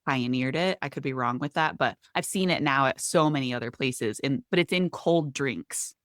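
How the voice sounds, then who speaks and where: Low-voiced woman thinking aloud. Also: normal speed, no room sound, clean studio sound. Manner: relaxed, thinks aloud with restarts and likes. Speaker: podcast co-host. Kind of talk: casual chat.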